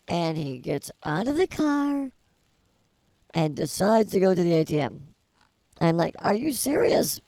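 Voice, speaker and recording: A woman on a casual comedy podcast tells a rambling story, wry and deadpan. Her voice sits low, with a gravelly edge and a husky grain. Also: no echo, low-quality recording. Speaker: podcast co-host.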